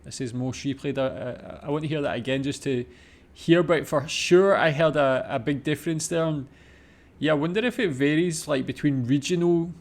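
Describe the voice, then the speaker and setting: A man with a slightly higher voice reacts casually to a video, thinking aloud as he goes. He hums and wonders out loud between his thoughts. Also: normal speed.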